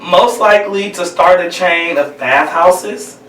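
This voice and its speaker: Playful male host with a high voice, recorded in a roomy space away from the mic. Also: measured pace, fairly bright tone, distant mic, a little hiss or hum. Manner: playful, laughs often. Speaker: podcast host. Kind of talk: casual chat.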